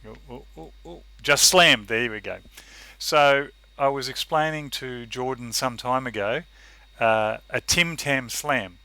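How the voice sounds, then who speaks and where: A man's voice: medium pitch, measured pace, bright, forceful tone, no room sound. A man with an Australian accent, co-hosting a casual live-stream chat in a rambling, chatty way over a video call. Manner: chatty, rambling, self-interrupting. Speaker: co-host.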